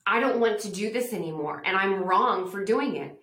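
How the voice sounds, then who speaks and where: A woman's voice: medium pitch, expressive, normal speed, fairly bright tone. A woman podcast guest telling her personal testimony in an earnest, reflective way, acting out the voices she quotes. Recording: roomy echo.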